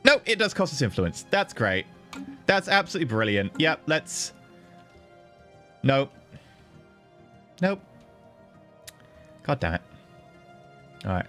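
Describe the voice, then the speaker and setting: A man streaming a strategy game, chatting casually and playfully with his viewers, thanking them and joking as he plays. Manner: chatty, playful, thanks viewers, bursts into high excited pitch. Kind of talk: casual livestream commentary.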